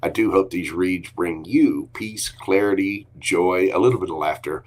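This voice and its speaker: A man's voice: deep voice, moderate pace, a little mellow. A man giving a live tarot reading in an upbeat, encouraging way, with frequent exclamations. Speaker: tarot card reader.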